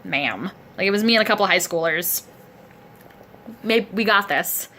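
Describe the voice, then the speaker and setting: A woman's voice: mid-range voice, moderate pace, sharp tone, a little hiss or hum. A woman recording a casual video diary close to the camera, chatty and rambling, sore and aching as she sits propped up in a chair. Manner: chatty, rambling, self-deprecating. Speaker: vlogger. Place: indoors at a friend's home, seated in a chair. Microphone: camera close to the face.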